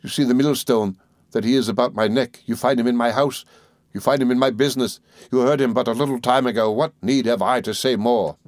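A man reading an audiobook, voicing a guilt-ridden older gentleman who speaks in desperate, pleading anguish. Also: medium pitch, steady tone, brisk, dry recording, lightly acted. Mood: despairing.

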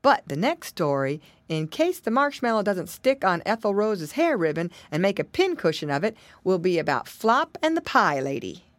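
Brief: woman narrator for a children's audiobook, lively sing-song delivery, dry close sound. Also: medium pitch, moderate pace, hardly any pauses, no room sound. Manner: expressive, sing-song storytelling. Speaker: audiobook reader.

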